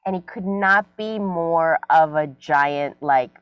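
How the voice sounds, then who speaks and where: A middle-aged woman comedian telling a story in a casual interview from her home closet, animated and full of fillers. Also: sits low, takes it slowly, smooth, no room sound, lo-fi sound. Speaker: comedian guest.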